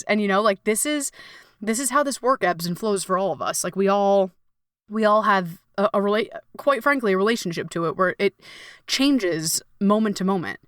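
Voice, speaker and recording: A woman's voice: medium pitch, fairly quick, a bit bright, no room sound, studio quality. A young adult woman hosting a podcast, talking casually and expressively, swearing freely and acting out her inner voices. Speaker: podcast host and coach. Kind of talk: casual solo podcast monologue.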